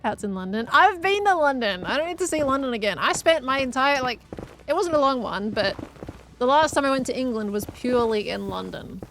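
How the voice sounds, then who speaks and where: A woman's voice: high voice, lively intonation, fairly quick, a bit bright. An Australian woman from Victoria chatting casually on a gaming live stream, laughing often and answering chat as she plays.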